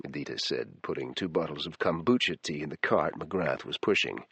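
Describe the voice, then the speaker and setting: A man's voice: rumbling low, lively intonation, moderate pace, vocal fry, fairly bright tone, husky, no echo. A man reading a thriller audiobook in a taut, dramatic storytelling manner. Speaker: audiobook narrator. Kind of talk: scripted thriller narration.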